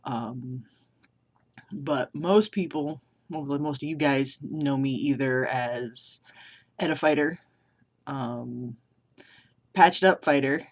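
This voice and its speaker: Worn-out young man, slow and hesitant. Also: medium pitch, vocal fry. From Massachusetts, United States. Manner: self-deprecating, hesitant with many ums. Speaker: vlogger. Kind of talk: casual accent challenge vlog. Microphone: camera below the monitor.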